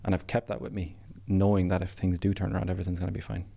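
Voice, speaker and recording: A man's voice: deep voice, little pitch movement, rapid-fire, creaky, warm tone. A man who is a guest on a casual podcast, recounting his business setbacks in a plain, matter-of-fact way.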